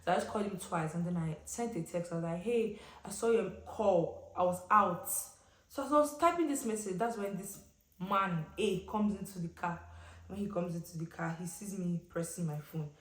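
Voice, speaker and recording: A young Nigerian woman vlogger telling a casual storytime, chatty and expressive, with slang and pidgin asides. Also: on the low side, fairly quick. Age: young adult. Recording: roomy echoey room.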